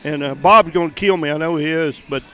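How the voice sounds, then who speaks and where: An older man, interviewed after winning, talking in a rambling, folksy way with halting restarts. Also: on the high side, fairly bright tone, clean tone, soft background music. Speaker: senior champion player being interviewed. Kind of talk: post-match interview chat.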